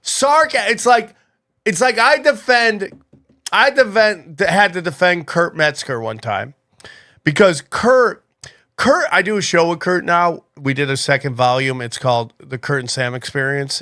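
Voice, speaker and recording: Man, podcast host, casual chat, animated and rambling, fairly high voice, bright tone. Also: measured pace. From Armenian heritage. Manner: animated, rambling, jumps up in pitch when excited.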